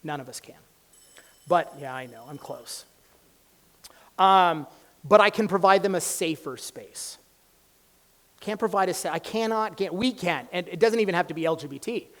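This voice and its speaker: A man, a college professor, giving an impassioned public lecture in a campus hall, swinging from loud exhortation to hushed storytelling. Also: sits high, normal speed, pauses often.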